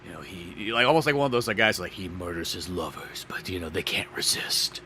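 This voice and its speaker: A man's voice: low voice, lively intonation, a little fast, pushed and bright, a little hiss or hum. A man co-hosting a podcast, chatting casually and animatedly, swearing and acting out scenes in goofy voices. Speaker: podcast co-host. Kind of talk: casual chat.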